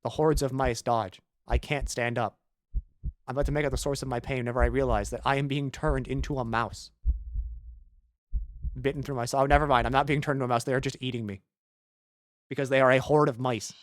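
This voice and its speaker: A man streaming a video game, reading its text aloud in a low mutter and breaking into rambling, jokey asides full of "like". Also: fairly even intonation, a little fast, long pauses, no room sound. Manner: jokey, irreverent, swears.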